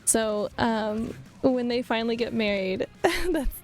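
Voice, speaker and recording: Her voice sits on the high side, animated yet a little mellow, and she speaks at a slow pace over a faint hiss or hum. This young vtuber chats loosely with her stream as she draws, wandering between topics and laughing often.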